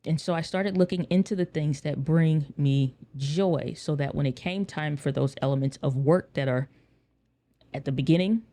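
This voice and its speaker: A man's voice: a little high, moderate pace, mellow. A man hosting a podcast, talking in an earnest, conversational way and repeating phrases for emphasis. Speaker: podcast host. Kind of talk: casual solo podcast talk.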